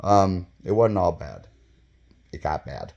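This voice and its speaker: A man in his fifties telling a casual story, rambling and profane, with many fillers and sudden bursts of excitement. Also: deep voice, slow pace, vocal fry, dull audio. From Michigan, US. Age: 50s. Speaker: vlogger telling his own stories.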